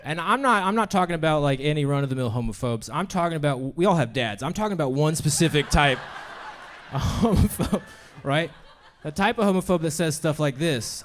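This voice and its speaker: A man's voice: on the high side, very animated, normal speed, slight background noise. A young man performing a brash, crude stand-up set in a comedy club, laughing at his own jokes.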